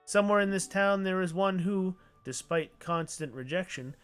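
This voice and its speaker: A man's voice: sits high, normal speed, a bit bright, clear, resonant tone, faint music behind, pitched above the performer's own voice. A man doing a grand, fussy old inventor. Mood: grandiose. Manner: formal, flowery old-fashioned speech.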